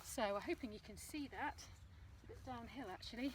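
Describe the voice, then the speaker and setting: A woman recording a casual fitness vlog outdoors on her phone, chatting practically while she demonstrates a running warm-up. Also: a little high, moderate pace, a little hiss or hum, poor audio. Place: outdoors on a path. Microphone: phone propped on a ledge.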